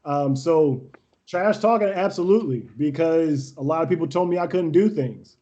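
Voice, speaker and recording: Brash young man guest, a touch high-pitched, animated storyteller who laughs a lot. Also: moderate pace, highs cut off. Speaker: podcast guest, volleyball coach. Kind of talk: casual storytelling interview.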